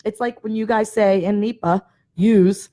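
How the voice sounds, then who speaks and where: A woman's voice: mid-range voice, steady tone, normal speed, mellow. A woman from Pittsburgh with a Pittsburgh accent, a basketball coach chatting easily as a guest on an interview show. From Pittsburgh, USA. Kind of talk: casual interview chat.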